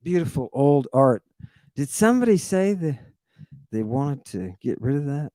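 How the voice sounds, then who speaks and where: A man giving an animated livestream lecture on ancient texts, theatrical and slangy, repeating his exclamations for emphasis. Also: mid-range voice, moderate pace, dry recording.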